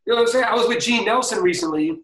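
High-voiced man telling stories fast. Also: fairly bright tone, roomy sound, distant mic, low-quality recording. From Boston. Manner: fast, slangy, filler-heavy talk. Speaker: DJ and guest. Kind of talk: casual storytelling interview.

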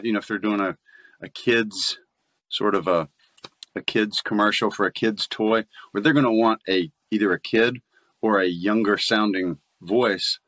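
A low-pitched American man chatting in an interview. He laughs easily and often restarts his sentences. The sound is dry and close to the mic. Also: a bit bright, no echo. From United States. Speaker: voice actor guest. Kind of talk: casual interview chat.

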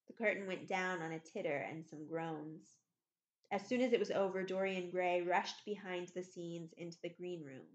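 A woman narrating a classic novel aloud in a measured, expressive reading. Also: on the low side, roomy sound. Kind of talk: audiobook reading. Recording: slightly muffled recording.

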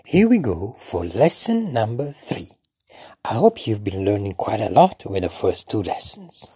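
A man leads a relaxed language lesson, acting out greetings with big, theatrical exclamations. His voice is husky and dark, and his pitch swings widely while he speaks at an unhurried, slow pace. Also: dry recording, clean studio sound. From Italy. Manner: animated, acts out greetings with exaggerated exclamations. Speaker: language teacher.

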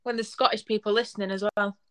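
A woman's voice: medium pitch, steady tone, quick pace. Teasing woman co-host, casual. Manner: teasing, laughs easily. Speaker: podcast co-host. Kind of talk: casual chat.

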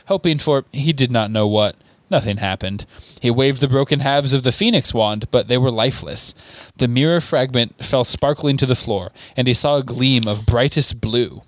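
A man co-hosting a podcast reads a novel aloud in a steady narrating voice, with offhand asides. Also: medium pitch, dry recording. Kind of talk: casual read-aloud of a book.

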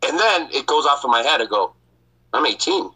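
Man, podcast host, bright voice, casual storytelling, swears, laughs. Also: on the high side, expressive, fast, slightly rough, rough recording. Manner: profane, laughs often.

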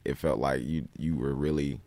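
A man's voice: extremely low pitch, steady tone, normal speed, gravelly, warm tone, no room sound. A man from Los Angeles, a podcast guest in casual chat, talking in an easygoing, thoughtful and slangy way.

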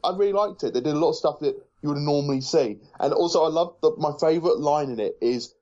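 A man's voice: a little high, quick pace, a little mellow. Man chatting over a dull lo-fi recording. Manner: rambling, many fillers and restarts. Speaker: podcast co-host. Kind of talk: casual review chat.

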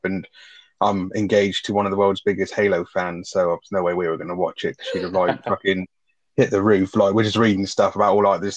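Male film-podcast co-host, blunt and sweary, lowish voice, dry and slightly dull mic. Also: dry recording. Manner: blunt, sweary, reads synopsis aloud. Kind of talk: casual film podcast chat, swearing freely.

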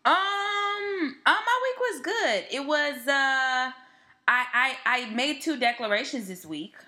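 A woman's voice: sits high, slow. A young woman co-hosting a podcast, telling stories in a casual, slangy, joking way. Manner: animated storytelling, slangy and joking. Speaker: podcast co-host. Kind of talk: casual chat.

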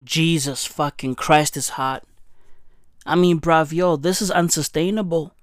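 A man ranting in a profane, exasperated casual monologue, recorded at home in the dark. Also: a little high, measured pace, dry recording, studio quality. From South Africa. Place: dark room at home, no fan.

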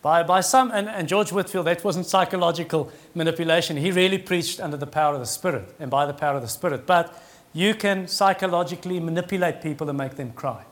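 A man's voice: fairly high pitch, quick pace. A middle-aged man preaching a sermon in an earnest, conversational way that rises in emphasis.

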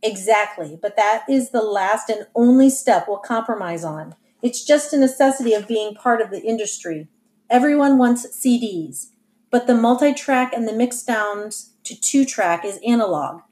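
A woman's voice: fairly high pitch, expressive, normal speed, a little mellow, natural voice. A woman voicing an eager, friendly teenage boy musician who explains things in an upbeat, earnest way.

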